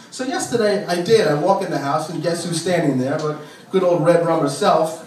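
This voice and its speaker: A man doing a stand-up comedy set in a club, complaining about his nagging wife and mimicking her in shrill, exasperated bursts. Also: fairly quick. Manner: exasperated, shrieking put-upon impressions of his nagging wife. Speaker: stand-up comic. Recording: roomy club from a distant mic, noisy. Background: crowd laughter.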